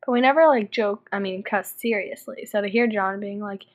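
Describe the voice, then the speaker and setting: In her casual video diary, this Texan vlogger, a young woman, recounts stories with lots of energy and frequent use of "like." She speaks at medium pitch and normal speed, and the audio sounds dull.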